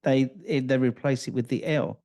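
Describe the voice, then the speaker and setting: A man hosts a casual interview, his voice mid-pitched and conversational. He tells personal stories in a chatty, easygoing way, and the recording is dry with no room echo. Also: steady tone, moderate pace, dark tone. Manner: anecdotal, chatty storyteller. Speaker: podcast host.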